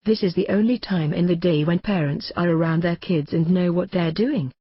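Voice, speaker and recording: A man's voice: high voice, normal speed, breathy edge, no echo, dull audio. A man reading his own memoir as audiobook narration, in a brash, mocking and combative rant. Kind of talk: audiobook narration in a ranting radio voice.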